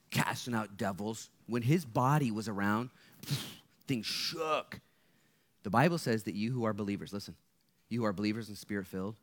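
A young man giving a casual sermon at a campus meeting as a guest speaker, joking and chatty, swinging between hushed and loud passages. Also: on the low side.

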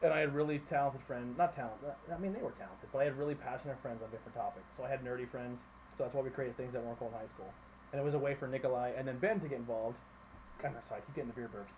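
A man hosting a casual podcast, telling stories quickly and swearing freely among friends at a table. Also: mid-range voice, darkish tone, a little hiss or hum, poor audio. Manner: fast storyteller, swears, acts out voices in quotes. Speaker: podcast host. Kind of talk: casual chat over beers.

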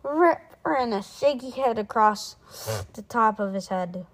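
A woman reading a children's chapter book aloud in a lively way, doing voices for the characters. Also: a little high, unhurried, low-quality recording. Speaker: reader.

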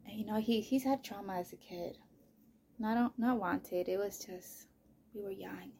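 A woman hosting her own podcast, telling a personal story in a casual, rambling, profane way, full of "you know" and "like", often dropping into soft, breathy near-whispers. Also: medium pitch, a little slow, slight background noise. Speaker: podcast host.

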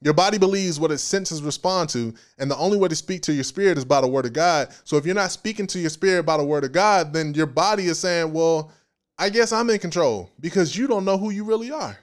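A man preaching a casual sermon in an animated, playful way, with slang and frequent laughs. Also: fairly high pitch, fast talker, few pauses.

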